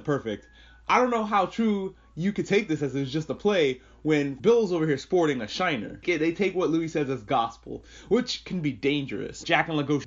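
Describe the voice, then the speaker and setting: A man's voice: on the high side, fairly bright tone, muffled recording. A man hosting a podcast, recapping an episode in casual, swearing, jokey chat. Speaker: podcast host.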